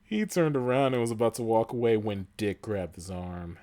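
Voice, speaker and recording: A man's voice: lowish voice, expressive, moderate pace, a crowd in the background. A man co-hosting a comedy podcast, reading fanfiction aloud and breaking into laughter and crude asides.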